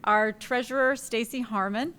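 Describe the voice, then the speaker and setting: Bright-voiced woman reading from notes. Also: on the high side, fairly even intonation, normal speed, a little hiss or hum. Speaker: parent association co-president. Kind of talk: speech from notes.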